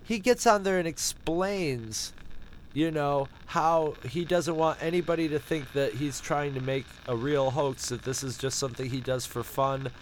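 This podcast co-host's voice sits a little high and moves a little slowly, caught on a rough recording with a faint hiss or hum. He's animated as he rambles through a sarcastic, profane story in loose conversation, backing up and starting over as he goes.

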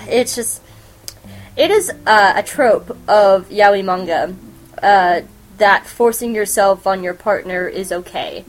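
A woman's voice: medium pitch, slow, soft background music, poor audio. A woman hosting a podcast, reviewing anime in a rambling, casual chat with many fillers and giggles. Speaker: podcast host.

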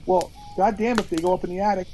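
A man's voice: high-pitched, quick pace, slight background noise, rough recording. A man co-hosting a podcast, telling a story animatedly among friends at a campfire, stumbling over restarts. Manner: animated storyteller, acts out quotes, stammers on restarts. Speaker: podcast co-host. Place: outdoors at a campfire.

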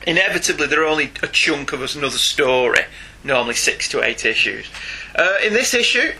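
A Northern English man reviews comics in a loose, teasing chat. His voice sits a little high and has a bright, edgy tone. A faint hiss sits under the recording. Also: expressive, low-quality recording. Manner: chatty, teasing, quick to laugh. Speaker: podcast co-host.

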